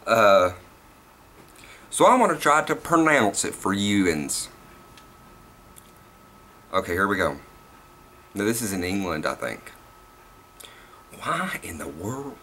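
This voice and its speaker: Young Southern man, bright edgy voice, rambling and cussing in a casual vlog. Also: fairly low pitch. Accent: Southern US, Tennessee. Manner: rambling and profane, laughs at himself. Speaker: vlogger.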